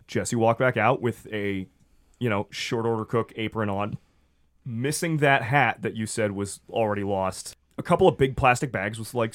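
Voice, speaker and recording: A man narrating a tabletop game as game master, rambling with lots of fillers. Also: on the low side.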